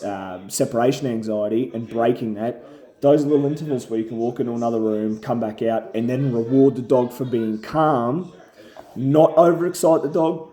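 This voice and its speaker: A man's voice: medium pitch, dark tone. A young man giving a casual, plain-spoken dog training lesson, often checking in with "okay?". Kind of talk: casual instructional talk.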